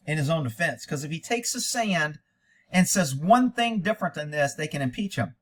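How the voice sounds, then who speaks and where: A man's voice: on the high side, lively intonation, fairly quick, slightly rough. A man reads a document aloud and breaks in with blunt, sarcastic, indignant commentary. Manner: blunt and profane. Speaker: online commentator. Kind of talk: reading a document aloud with reactions.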